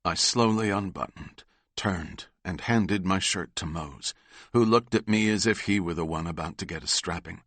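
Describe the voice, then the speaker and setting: A man narrating a novel in the first person, steady and measured. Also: sits low, no echo. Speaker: audiobook narrator.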